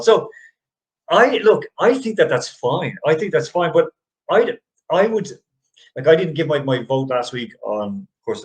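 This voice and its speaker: A man's voice: medium pitch, rough recording. Rambling middle-aged male podcast host. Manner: rambling, restarts often, chuckles. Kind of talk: casual movie review chat.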